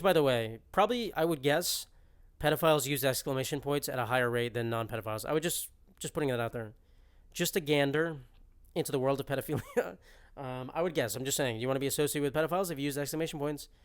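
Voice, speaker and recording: Young man, podcast host, casual rant, smooth, mid-pitched, exaggerated and jokey. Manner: rambling, jokey, exaggerated rants. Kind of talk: casual solo podcast monologue.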